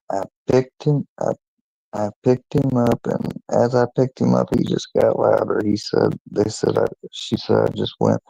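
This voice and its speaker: A man casually telling a personal story to his channel, in a meandering, halting way with many restarts. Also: lowish voice, gravelly, dark tone, no echo, rough recording. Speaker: channel owner.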